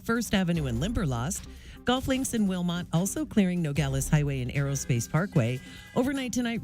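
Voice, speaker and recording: Brief: upbeat woman, traffic reporter, lively swooping delivery, faint music bed. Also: lowish voice. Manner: bubbly, laughing often. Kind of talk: radio traffic report and banter. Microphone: studio microphone.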